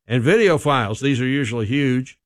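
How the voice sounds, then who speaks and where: Male radio host, relaxed and talky, mid-range voice, dead-dry booth sound. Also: medium pitch, fairly quick, dry recording. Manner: casual, chatty, with frequent "uh" fillers. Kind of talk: radio morning segment.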